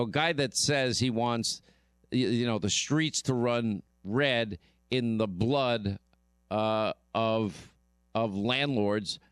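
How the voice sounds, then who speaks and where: Emphatic male radio host, smooth voice. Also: medium pitch, a bit bright, no echo, studio quality. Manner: emphatic, repeats himself. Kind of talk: radio talk commentary.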